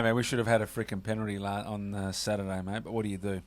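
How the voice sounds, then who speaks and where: A man's voice: on the low side, little pitch movement, quick pace, few pauses. A man with an Australian accent hosting a casual sports radio show, chatty and full of fillers. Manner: chatty, lots of fillers and "mate".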